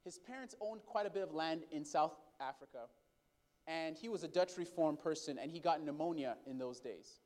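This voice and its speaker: Male preacher, high voice, storytelling sermon style, talks straight to the congregation. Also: moderate pace, darkish tone. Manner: addresses the congregation as brothers and sisters; calls for responses from the congregation.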